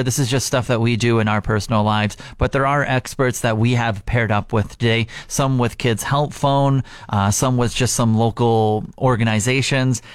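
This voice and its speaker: A man's voice: lowish voice, clear, resonant tone, dry recording, studio quality. A man co-hosting a morning radio show, chatting in an earnest, upbeat way. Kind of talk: casual morning radio chat.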